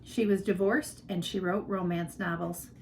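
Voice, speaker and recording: A woman narrating a children's novel aloud in an expressive storytelling manner. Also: on the low side, normal speed, a little hiss or hum, rough recording. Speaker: reader.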